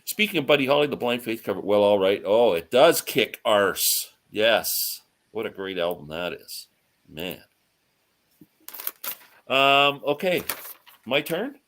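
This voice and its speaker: Deep-voiced, animated male host. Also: measured pace. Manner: enthusiastic, laughs often, reads out viewer comments. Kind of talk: casual live-stream chat.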